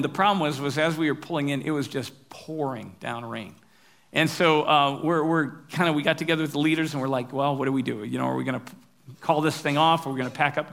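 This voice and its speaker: A man's voice: a little high, a bit bright. Man preaching in a conversational, humorous way. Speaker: pastor. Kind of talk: sermon.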